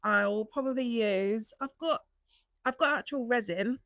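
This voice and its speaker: A young British woman chatting casually in a vlog about her small craft business, rambling and laughing often and jumping up into high excited tones. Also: a little slow, dry recording. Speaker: small business owner and vlogger.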